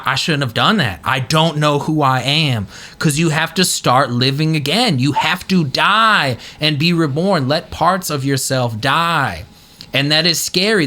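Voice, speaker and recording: A man hosting a casual talk podcast, animated and often breaking into loud acted-out quotes. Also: mid-range voice. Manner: animated, swings into loud put-on voices. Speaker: podcast host. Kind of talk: casual chat.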